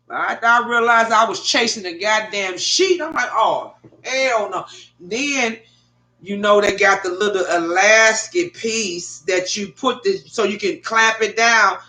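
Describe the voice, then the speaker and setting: A middle-aged woman telling a rambling, animated story to her viewers at home, with heavy swearing. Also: mid-range voice, normal speed, few pauses. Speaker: vlogger. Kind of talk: casual profane storytelling to viewers. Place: bedroom at home. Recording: echoey room.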